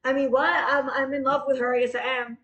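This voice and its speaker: A woman doing a rambling comic improv monologue, silly and swearing, with deadpan asides and quick self-corrections. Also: high voice, dull audio. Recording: roomy echo.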